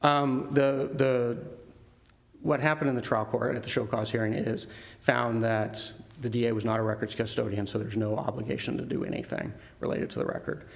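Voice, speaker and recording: A man's voice: medium pitch, fairly even intonation, moderate pace, gravelly. A man arguing for the appellant before a court, formal and deferential, with hesitant fillers. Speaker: attorney for the appellant. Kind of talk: appellate oral argument.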